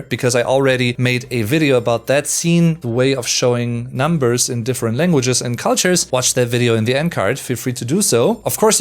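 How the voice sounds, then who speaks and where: German-accented man explaining language. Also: mid-range voice. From Sauerland, Germany. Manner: explanatory, enunciates German words slowly. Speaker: host. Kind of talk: language analysis commentary.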